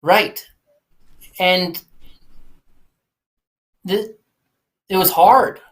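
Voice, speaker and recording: A man's voice: sits high, steady tone, very slow. Earnest reflective man in his forties. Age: 40s. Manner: earnest, reflective, with frequent restarts. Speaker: podcast guest, keynote speaker. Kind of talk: candid conversational storytelling.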